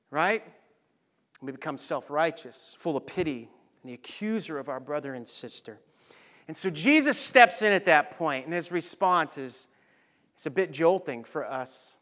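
A man delivers a sermon in a high, bright-toned voice. He preaches with lively energy, then drops to hushed, soft lines to make a point. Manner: animated preaching, dropping to soft near-whispers on key lines. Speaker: pastor.

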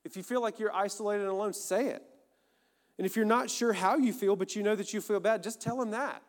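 Man preaching, earnest and chatty, talks right to the crowd, slightly high voice, big echoey hall. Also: a little fast. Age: adult, married. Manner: earnest, conversational, speaks directly to listeners. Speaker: pastor. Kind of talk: sermon. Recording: long reverb of a large hall.

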